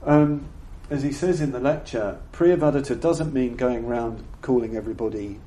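An older man giving a reflective Buddhist dharma talk to an audience. He speaks in a halting, thoughtful way and often repeats words while he searches for the phrasing. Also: mid-range voice, mellow. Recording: roomy echo with faint background noise.

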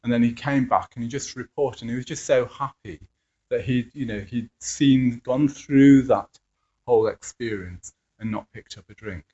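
A man's voice: medium pitch, moderate pace, mellow. A man, an addiction therapist who teaches mindfulness, telling anecdotes in a hesitant way with many fillers and chuckling asides. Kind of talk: anecdotal talk. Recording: dull lo-fi recording.

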